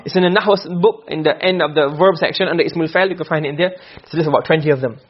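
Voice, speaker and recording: Fast-talking man teaching Arabic grammar. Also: a little high, slightly rough. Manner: quick, questioning, reads Arabic text then explains. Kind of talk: classroom lesson. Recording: dull lo-fi recording.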